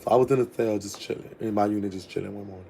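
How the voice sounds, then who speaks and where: A man tells a personal story to camera in a loose, campy manner, swearing freely. His voice is mellow and warm, and a faint noise sits under it. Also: fairly low pitch, steady tone, racing, gravelly, rough recording. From Louisiana. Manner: chatty, profane, campy, calls listeners "girl". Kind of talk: casual storytime chat.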